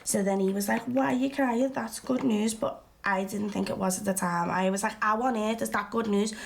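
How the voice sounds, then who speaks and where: An actress in a verbatim theatre film plays a blunt, strong-willed young woman recalling her past in chatty, colloquial speech. Her mid-range voice is steady, brisk and creaky, sounding natural.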